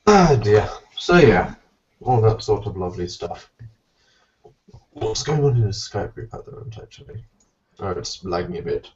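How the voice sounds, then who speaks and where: A man's voice: fairly low pitch, big pitch swings, darkish tone, a little hiss or hum. A non-American man hosting a casual podcast chat, rambling and joking as he talks over a voice call. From outside the United States. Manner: rambling, chatty, quick to joke. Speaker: podcast host. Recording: distant, dull lo-fi online call.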